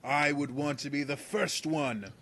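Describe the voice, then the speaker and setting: Pompous self-appointed protector, played by a man: grand, slow speech. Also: on the high side, fairly bright tone, voice pushed up. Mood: grandly pompous. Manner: grandiose, declaiming. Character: pompous self-important male guard captain.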